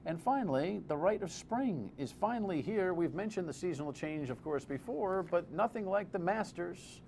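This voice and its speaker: A man's voice: sits high, animated, normal speed, gravelly, a little mellow. A man hosting a TV commentary segment, talking in a blunt, sarcastic, conversational way. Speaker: TV host and commentator. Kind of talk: opinionated TV commentary. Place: TV studio. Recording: faint background noise.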